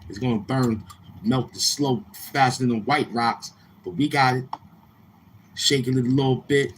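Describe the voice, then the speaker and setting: At a measured pace and medium pitch, this Brooklyn, New York livestream host tells loose, repetitive stories, performing other people's lines as quoted dialogue. A little hiss or hum sits in the background.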